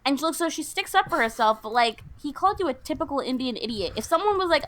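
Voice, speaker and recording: A woman's voice: sits high, expressive, fast talker, few pauses, a bit bright. A young woman co-hosting a podcast, casually retelling a film's plot and acting out the characters' lines. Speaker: podcast co-host. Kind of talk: casual chat recapping a film.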